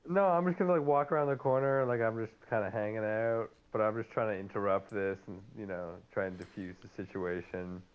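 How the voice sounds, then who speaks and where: A man's voice: lowish voice, brisk, few pauses, smooth. A man player describing his character's actions in an easygoing, hesitant way. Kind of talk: casual tabletop game play. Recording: dull lo-fi sound.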